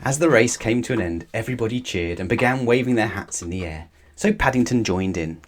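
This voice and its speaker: A man reading a children's storybook aloud with lively, expressive narration. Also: lowish voice, brisk. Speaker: storybook reader.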